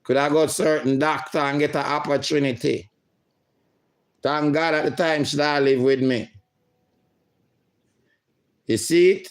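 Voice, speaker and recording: A middle-aged man hosting a livestream, reading viewer comments aloud in a slow, emotional way. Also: a little high, steady tone. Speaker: livestream host.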